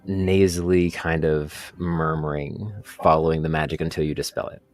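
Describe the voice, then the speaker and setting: A man's voice: rumbling low, little pitch movement, moderate pace, no room sound. A man narrating a tabletop role-playing game as game master, rambling and descriptive with many fillers.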